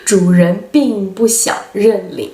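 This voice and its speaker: A woman with a Chinese accent teaching a language lesson, explaining slowly with many pauses and hesitations. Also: medium pitch, steady tone, warm tone, echoey room.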